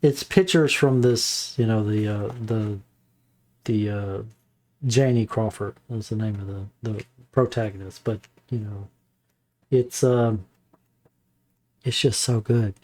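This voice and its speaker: A man giving a casual, rambling book review, halting often with fillers and restarts. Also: on the low side, steady tone, darkish tone.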